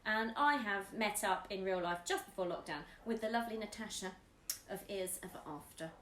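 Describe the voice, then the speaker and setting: A woman's voice: fairly quick, a bit bright, roomy sound, a little hiss or hum. A woman, a YouTube vlogger, chatting casually and giggling as she answers tag questions with her partner. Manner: chatty and giggly, drifting up and down in pitch.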